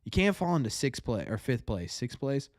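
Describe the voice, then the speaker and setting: A man hosting a fan show, commenting live on a game as he watches, nervous and excitable, repeating his cheers. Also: medium pitch, normal speed, no room sound, studio quality.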